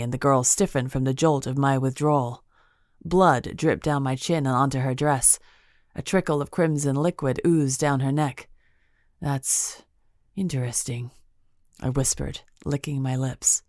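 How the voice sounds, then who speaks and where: A woman with a low voice reads an audiobook as scripted first-person narration. The studio recording is clean, with no room sound.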